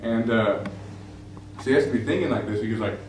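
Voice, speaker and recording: A young pastor gives a casual, conversational sermon, telling a story packed with fillers and acting out the quoted lines. His voice is on the low side, a little fast and a little mellow. The room is very echoey, the mic distant, with faint noise.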